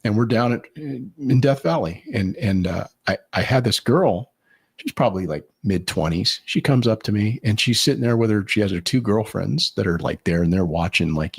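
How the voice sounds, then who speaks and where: A man with a low, gravelly voice and a husky edge. He talks through casual stories in a loose, rambling way, full of fillers and restarts. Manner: rambling storyteller with many fillers. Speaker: podcast co-host. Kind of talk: casual chat.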